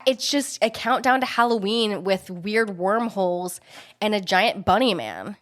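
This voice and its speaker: A woman's voice: mid-range voice, expressive, a little slow. A woman co-hosting a podcast, chatting casually with a playful tone and crude jokes. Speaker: podcast co-host. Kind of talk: casual chat.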